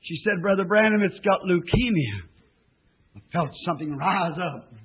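A man preaching a fervent revival sermon that rises to shouts. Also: sits high, lively intonation, normal speed. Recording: tinny lo-fi old tape recording.

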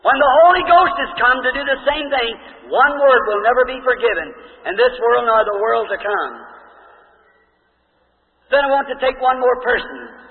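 High-voiced preacher in an echoey hall. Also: male voice, lively intonation, moderate pace, narrow, tinny audio. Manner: folksy, conversational, asks the crowd questions. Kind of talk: storytelling sermon.

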